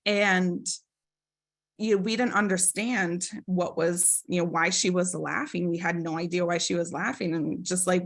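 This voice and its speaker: A woman's voice: lowish voice, fairly even intonation, normal speed, a bit bright. A woman presenting a webinar, telling a personal story in an earnest, reflective way, with many fillers and tag questions. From Minnesota. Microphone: video call microphone.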